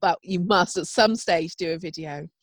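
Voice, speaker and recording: A woman's voice: lowish voice, moderate pace, no echo. A woman co-hosting a podcast, enthusiastic and coaxing in casual chat, often giggling. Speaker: podcast co-host.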